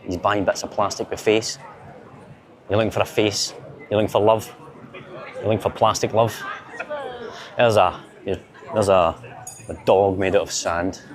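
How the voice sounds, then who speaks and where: Out on busy city streets, a Glaswegian vlogger films a casual walk, speaking to camera in a fairly low, fairly even voice. His pace is measured with long pauses, yet his talk is chatty, joking, rambling banter.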